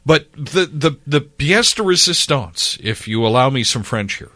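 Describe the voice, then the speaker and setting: A middle-aged Canadian man telling animated anecdotes casually as a podcast guest, acting out dialogue. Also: medium pitch, measured pace, no echo. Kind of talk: casual storytelling.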